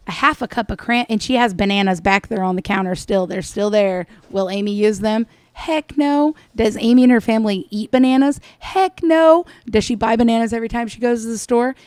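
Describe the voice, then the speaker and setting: A woman's voice: mid-range voice, no echo. A woman giving sarcastic, scolding reaction commentary over a cooking video. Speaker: commentator reacting to another vlogger.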